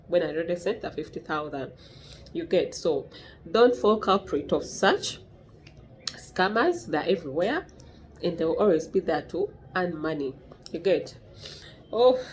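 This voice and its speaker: A woman's voice: fairly low pitch, a little hiss or hum. A young woman vlogger, telling a story casually to camera and acting out the dialogue. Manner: animated, acts out dialogue with shifting voices.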